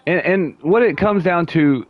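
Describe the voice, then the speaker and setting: A high-pitched American man streams a game and chats loosely, drawing out his words in a slow delivery. He rambles, restarts sentences and chuckles now and then. The recording is muffled but has no echo.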